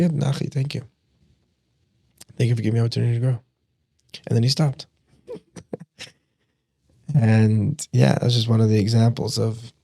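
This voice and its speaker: A young man, a podcast guest, telling a personal story in a casual, animated way, acting out quotes and laughing often. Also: mid-range voice, gravelly, slightly rough, no room sound, clean studio sound. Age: young adult.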